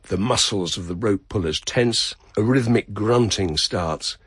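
A man's voice: on the low side, a bit bright, slightly rough, dry recording, studio quality. Man narrating a radio feature. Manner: measured, descriptive storytelling. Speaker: radio reporter.

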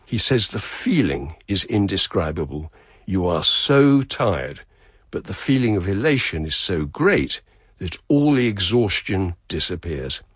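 A man narrating a radio feature in a measured, descriptive way. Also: low voice, big pitch swings, a bit bright, slightly rough, no room sound, studio quality. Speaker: radio reporter.

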